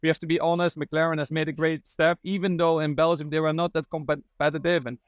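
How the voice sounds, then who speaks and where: A man's voice: fairly high pitch, level tone, brisk, clear, resonant tone, dry recording. Enthusiastic male racing reporter. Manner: enthusiastic, non-native phrasing. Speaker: motorsport reporter, co-host. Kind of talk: casual on-site chat. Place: outdoors at a race paddock.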